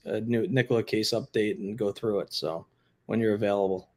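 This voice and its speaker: A man in the middle of a casual livestream, talking offhandedly to viewers in the chat. His delivery is blunt and conversational, with an ordinary mid-range pitch, like a retired cop thinking out loud. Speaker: retired law enforcement livestream host.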